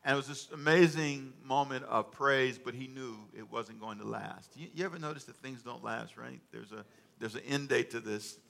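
A man preaching a sermon, calling for responses from the congregation and joking with them between loud, emphatic stretches. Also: medium pitch, fairly even intonation, moderate pace, vocal fry. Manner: humorous asides to the congregation. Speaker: pastor. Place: church sanctuary.

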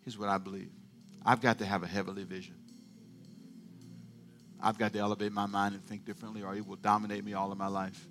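A middle-aged male pastor preaching a sermon, moving from quiet storytelling to fervent call-and-response shouting. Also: lowish voice, little pitch movement, fast talker, long pauses, soft background music.

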